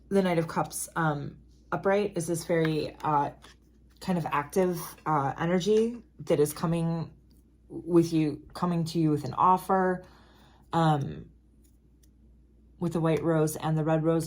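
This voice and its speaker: Low-voiced woman giving a chatty tarot reading. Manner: chatty, emphatic, frequent asides and apologies. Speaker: tarot reader. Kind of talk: casual tarot reading to camera.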